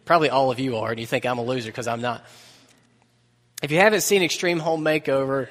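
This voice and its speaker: A man preaching a sermon in a relaxed, conversational way, mixing humor and asides into the message. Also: medium pitch. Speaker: pastor. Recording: long reverb of a large hall.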